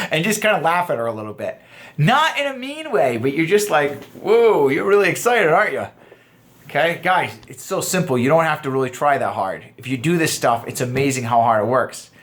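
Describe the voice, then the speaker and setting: A man in his thirties giving a casual dating lesson, animated, acting out quoted lines in shifting voices. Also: mid-range voice, brisk. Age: 30s. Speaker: dating coach.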